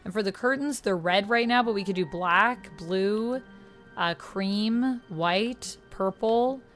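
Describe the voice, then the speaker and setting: Brief: woman streamer, casual running commentary through game menus, mid-pitched, faint game music under her. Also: slow. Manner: reads menu options aloud, chats with viewers. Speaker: streamer playing a video game.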